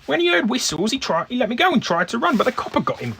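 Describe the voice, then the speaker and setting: A man's voice: very high voice, very animated, fast talker, vocal fry, pushed and bright, a little hiss or hum, pitched above the performer's own voice, heavily acted. A man voicing a brash, coarse young working-class woman in a put-on Cockney accent, in a solo tabletop game. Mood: indignant.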